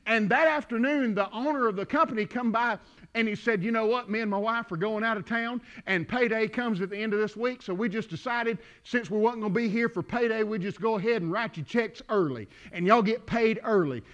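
A man preaching a sermon, telling folksy stories that build to shouting. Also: high voice, fairly quick, muffled recording. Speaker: pastor.

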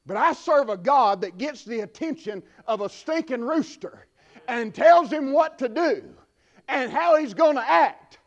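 A man preaching a sermon, swinging from hushed asides to shouted peaks. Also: very high-pitched, expressive, unhurried. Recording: dull lo-fi recording.

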